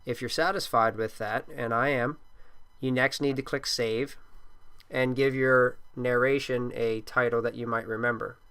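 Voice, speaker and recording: A man speaking into a computer microphone as he steps through a software tutorial. His voice is smooth and clear, and it stays level with little rise and fall. He sounds like a teacher giving plain, steady instructions. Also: medium pitch, normal speed. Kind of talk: screen-recorded software tutorial.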